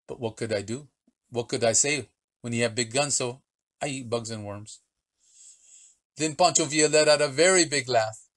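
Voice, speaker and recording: A man voicing a very old storyteller, speaking broken English with dramatic pauses and slow punchlines. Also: medium pitch, fairly bright tone, natural voice. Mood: playful. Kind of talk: storytelling for children.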